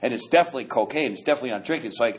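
A man's voice: mid-range voice, racing. New man telling his recovery story. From New York. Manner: animated, joking, repeats words as he restarts. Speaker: recovery meeting speaker. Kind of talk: storytelling talk at a recovery meeting.

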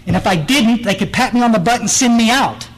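A man's voice: very high-pitched, a little fast, a little hiss or hum, low-quality recording. Earnest man telling his story. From Texas Hill Country. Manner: earnest, blunt, emphatic, restarts and repeats words. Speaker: recovery meeting speaker. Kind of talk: personal testimony talk.

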